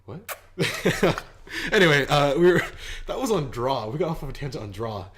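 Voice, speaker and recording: A man's voice: on the high side, very animated, moderate pace, a bit bright. Teasing man co-hosting a podcast. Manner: teasing, sarcastic, crude. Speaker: podcast co-host. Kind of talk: casual joking chat.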